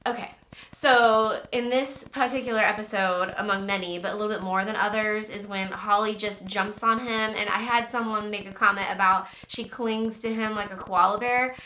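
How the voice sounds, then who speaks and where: Sarcastic, bright-voiced woman in an echoey room. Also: mid-range voice, slight background noise. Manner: sarcastic, opinionated, interjecting. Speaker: podcast co-host. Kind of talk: casual reality TV recap chat.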